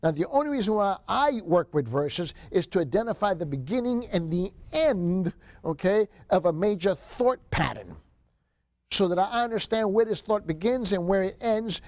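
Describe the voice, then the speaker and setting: A male seminary lecturer with a fairly high voice, working through a Bible survey class. He reads scripture passages aloud and hammers key phrases by repeating them, with restarts and fillers along the way. The sound is dry and close, with little room echo.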